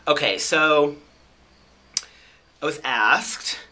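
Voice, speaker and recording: Very bright, twangy Midwestern man. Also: fairly high pitch, drawn-out words. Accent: Midwestern American. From Chicago, US Midwest. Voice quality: soft, effeminate, twangy. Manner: reflective and candid, chatty storytelling. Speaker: vlogger. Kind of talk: casual personal vlog monologue.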